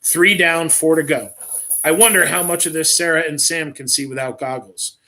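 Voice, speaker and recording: A man reads a first-person story aloud on a livestream, in a dramatic style broken by offhand asides. His voice sits fairly high and sounds bright and forceful. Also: normal speed. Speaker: author reading his own story.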